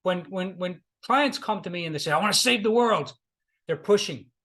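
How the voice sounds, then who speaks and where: A man's voice: sits high, animated, moderate pace, a bit bright. A middle-aged man, a life coach, giving a motivational talk and retelling client stories, repeating key lines for emphasis.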